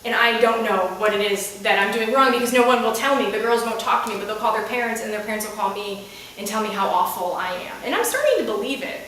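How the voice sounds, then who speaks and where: A woman tells a comic story live on stage before an audience, exasperated and self-mocking. Her voice is high and bright. The sound is very echoey and distant, with faint room noise behind her. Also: expressive, fast talker. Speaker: comedic storyteller. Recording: echoey room picked up from afar.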